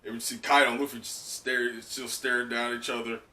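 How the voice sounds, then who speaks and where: A man's voice: medium pitch, level tone, a little fast, bright, forceful tone. A man hosting a live comic reaction, talking casually with laughs and many fillers. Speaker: host. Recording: echoey room, distant mic.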